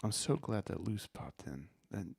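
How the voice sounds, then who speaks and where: Slow, gravelly man co-hosting a stream. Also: fairly low pitch, very animated, no echo, studio quality. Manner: laughs often, drawn-out reactions. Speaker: co-host. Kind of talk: casual livestream chat.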